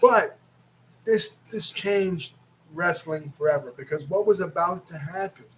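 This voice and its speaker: A man's voice: high-pitched, a little slow, a bit bright, poor audio. A man hosting a casual wrestling recap, rambling and often restarting his words. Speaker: wrestling reaction host.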